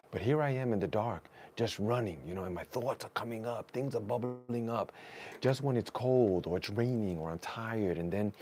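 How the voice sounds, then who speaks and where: A man talking as a guest in a casual conversation, animated and storytelling, offering spiritual encouragement. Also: fairly low pitch, creaky.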